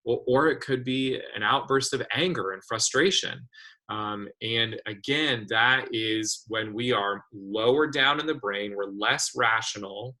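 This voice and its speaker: A man's voice: medium pitch, normal speed, pushed and bright, low-quality recording. A man hosting an online community discussion over a video call, talking thoughtfully with many fillers and restarts. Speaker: webinar host.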